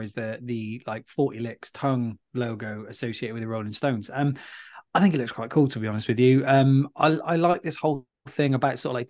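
A man's voice: mid-range voice, darkish tone. A British man co-hosting a podcast, chatting casually and rambling a little, with lots of fillers. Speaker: podcast co-host. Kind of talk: casual chat.

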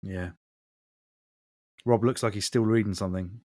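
A man's voice: lowish voice, fairly even intonation, moderate pace, darkish tone, dry recording, clean studio sound. A man hosting a podcast in casual chat, with sweary, mock-grumpy banter. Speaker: podcast host.

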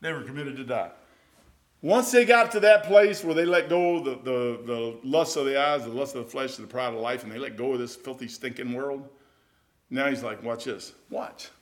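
A middle-aged man preaching a sermon in a folksy, conversational way, with sudden loud outbursts. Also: medium pitch, normal speed. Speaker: pastor.

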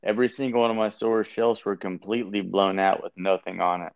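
A man's voice: lowish voice, little pitch movement, a little fast, gravelly, muffled recording. A man in casual chat as a podcast co-host, telling rambling stories with swearing. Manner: laid-back, rambling storytelling with swearing.

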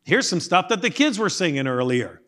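A man's voice: high-pitched, big pitch swings, moderate pace, sharp tone. A man preaching a sermon as pastor, emphatic, asking rhetorical questions and reading scripture aloud.

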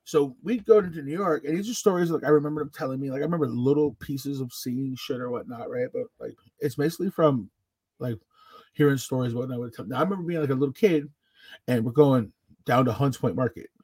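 Husky-voiced man in laid-back chat. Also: medium pitch, quick pace, darkish tone, no echo. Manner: loose, profane, laid-back storytelling. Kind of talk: casual chat.

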